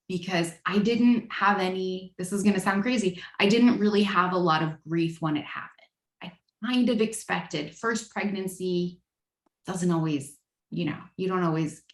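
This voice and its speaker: A woman in her thirties gives a frank, self-deprecating personal share at a recovery meeting. Her voice sits a little low with a gravelly fry. The sound carries the echo of a roomy space.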